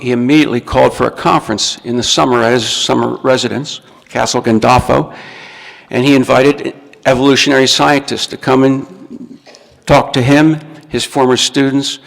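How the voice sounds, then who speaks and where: A man's voice: mid-range voice, vocal fry. A man giving a recorded lecture, explaining step by step and often restarting his words. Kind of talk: recorded talk to an audience. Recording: long reverb from a hall.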